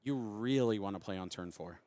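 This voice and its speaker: Deep-voiced male color commentator. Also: brisk, dark tone. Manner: conversational, analytical, speaks from own play experience. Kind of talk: card game analysis commentary.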